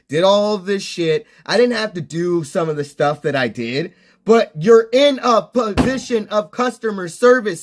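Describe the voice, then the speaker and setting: A young man telling an exasperated, swear-heavy rant to his stream viewers. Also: high-pitched. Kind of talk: casual ranting monologue.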